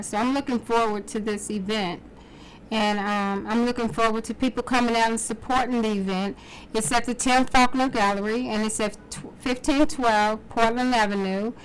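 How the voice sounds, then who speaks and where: A woman's voice: a little high, a little hiss or hum, low-quality recording. Sassy, chatty woman guest. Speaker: guest entrepreneur. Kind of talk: casual interview.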